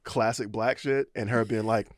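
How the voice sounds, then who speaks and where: A man talking casually on a podcast in a studio, laid-back with lots of fillers, getting animated when he jokes. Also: on the low side, normal speed, no echo. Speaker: podcast host. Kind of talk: casual chat.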